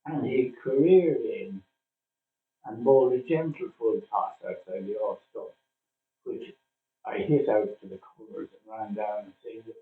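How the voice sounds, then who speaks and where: An older man from Ireland, a former cricketer, reminiscing in a casual interview, telling his stories with plenty of "uh" pauses. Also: on the low side. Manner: chatty storyteller with frequent "uh" pauses. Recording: distant, phone-like, roomy sound.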